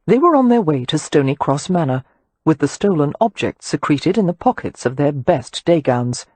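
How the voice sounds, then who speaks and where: A woman narrating an audiobook in an expressive storytelling manner. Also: sits low, normal speed, breathy edge, no room sound. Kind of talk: scripted narration.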